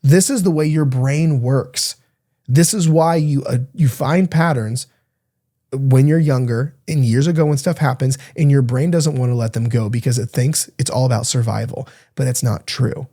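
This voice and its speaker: A male podcast host and diet coach talking in a casual, unscripted monologue. He is blunt and emphatic and swears freely. His voice is mid-pitched with a warm, mellow tone. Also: moderate pace.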